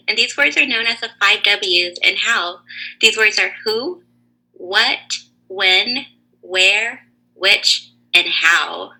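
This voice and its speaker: A woman teaching a lesson to young children over a video call, asking slow, clear, encouraging questions. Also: medium pitch, sharp tone, low-quality recording.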